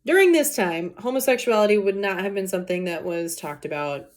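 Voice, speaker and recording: A woman's voice: medium pitch, animated, fairly quick. A woman teacher reading a play aloud and explaining it casually, with many fillers.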